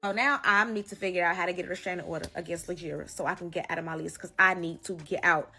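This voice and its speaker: A woman telling a personal story in a casual storytime, animated and emphatic, cursing freely. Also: lowish voice, fast talker.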